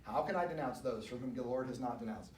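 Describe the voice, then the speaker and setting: A man's voice: mid-range voice, quick pace, a little mellow, lightly acted. Solemn old prophet declaiming; man reading scripture aloud, roomy distant sound. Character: old male prophet proclaiming an oracle. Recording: echoey room, distant mic, faint noise.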